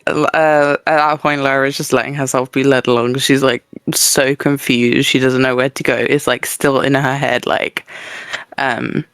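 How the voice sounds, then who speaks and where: A woman's voice: a bass voice, flat delivery, unhurried, clean tone, no room sound. A woman describing her character in a tabletop game, hesitant with many fillers. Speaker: player. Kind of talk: tabletop role-play chat.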